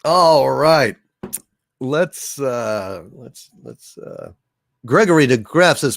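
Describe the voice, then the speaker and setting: A man's voice: medium pitch, lively intonation, very slow, creaky, no echo, studio quality. A man hosting a livestream, reading viewer comments in rambling, plain-spoken casual chat, congested from allergies. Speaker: livestream host.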